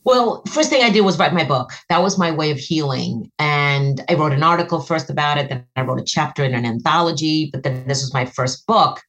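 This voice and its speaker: An earnest middle-aged guest, an author, relates a moving personal story, her voice shooting up high as she revisits moments. She talks fairly quickly with few pauses, and her tone is a bit bright.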